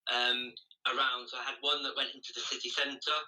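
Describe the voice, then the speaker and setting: A man's voice: mid-range voice, little pitch movement, fairly quick, bright, forceful tone, far from the mic, slight background noise, rough recording. A man chatting as a podcast guest, telling running stories with frequent restarts. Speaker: podcast guest, charity runner. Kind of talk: casual interview chat.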